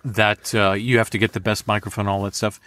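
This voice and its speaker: A man in a relaxed interview about voice acting, talking in an animated, rambling way and joking often. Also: on the low side. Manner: animated, rambling, quick to joke. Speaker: voice actor guest. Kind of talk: casual interview chat. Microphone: home studio condenser mic.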